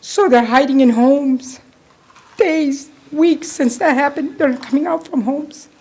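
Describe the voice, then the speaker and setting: A woman giving an emotional public comment at a city council meeting, speaking with a heartfelt, halting delivery. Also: high voice, darkish tone. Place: council chamber.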